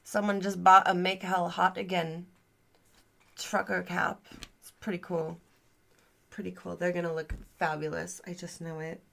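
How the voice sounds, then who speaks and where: A woman's voice: fairly low pitch, level tone, measured pace, creaky, long pauses, sharp tone. A woman hosting an improvised comedy livestream in a teasing, scolding manner, laughing often as she talks.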